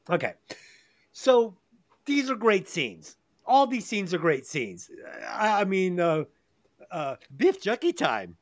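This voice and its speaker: A man's voice: extremely high pitch, dry recording. A middle-aged man hosting a movie review podcast, reading plot summaries and chatting with heavy swearing and frequent laughs. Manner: profane, enthusiastic, laughs often. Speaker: podcast host.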